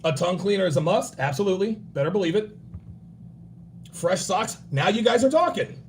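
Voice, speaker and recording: A man in his forties hosting a livestream, giving blunt, profane dating and grooming advice and acting out other people in quick bursts. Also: high-pitched, animated, slight background noise. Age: 40s. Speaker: livestream host.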